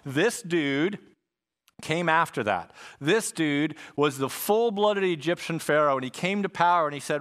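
A man's voice: a little high, moderate pace. Casual, slangy male preacher. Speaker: pastor. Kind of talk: sermon.

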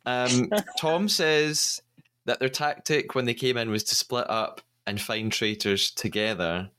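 A man's voice: mid-range voice, measured pace, sharp tone, smooth. A man hosting a podcast, recapping episodes in a chatty, storytelling way and laughing often. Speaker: podcast host.

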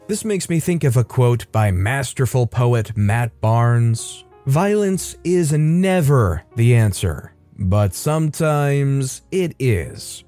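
A man narrates a story in a measured, even manner, his voice mellow and warm rather than bright. Faint music plays underneath the reading. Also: medium pitch. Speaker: storytime channel host.

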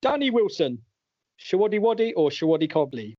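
A man's voice: high-pitched, big pitch swings, a little fast, dark tone, dry recording. A man hosting a casual podcast and running a quiz, joking and laughing often as he reads out the answers. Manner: jokey, laughs often while reading out answers. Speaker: podcast host and quizmaster. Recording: dull lo-fi dry audio.

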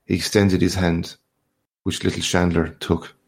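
Brief: male audiobook narrator, low voice with a gravelly edge, measured literary reading. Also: little pitch movement. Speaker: reader. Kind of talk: scripted narration.

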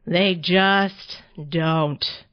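A woman voicing a grumpy, sleepy male tortoise in a storybook reading, with a slow, grumbling, drawn-out delivery. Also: lowish voice, animated. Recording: slightly dull audio.

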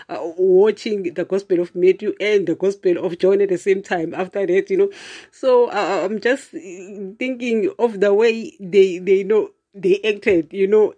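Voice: mid-range voice, darkish tone. An online preacher talking casually to viewers, often laughing and calling the listeners "guys". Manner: chatty, addresses listeners as "guys", frequent "you know"; laughs often, with emphatic asides.

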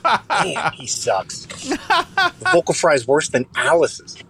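Man, radio caller, slow drawling delivery, wry joking, faint vehicle noise behind. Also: on the high side, wildly swooping pitch, a bit bright.

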